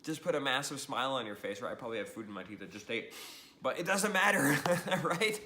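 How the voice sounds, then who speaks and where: A man with a medium-pitched voice gives a brisk, energetic social media training talk to the camera, upbeat and animated, laughing often and ending lines with "right?" The room is echoey, with background noise.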